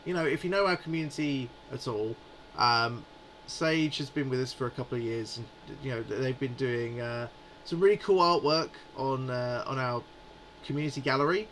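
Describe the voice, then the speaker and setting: A man's voice: medium pitch, normal speed, fairly bright tone, slight background noise, rough recording. A man in his forties hosting a live stream, chatting in a rambling, amused way. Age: 40s. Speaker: livestream host. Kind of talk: casual live chat.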